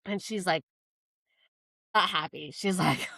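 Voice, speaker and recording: A woman co-hosting a podcast, telling a personal story in casual chat, animated and full of "like" fillers. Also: fairly low pitch, takes it slowly, creaky, dry recording. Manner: animated, quotes herself in lively voices; frequent fillers "like". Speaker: podcast co-host.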